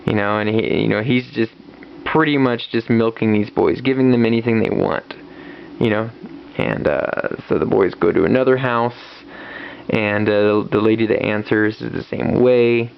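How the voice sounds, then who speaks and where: Speaking unhurriedly in a low voice with vocal fry, a man rambles through a casual comic book review, restarting often and using plenty of fillers. It's a dull lo-fi recording with a little hiss or hum.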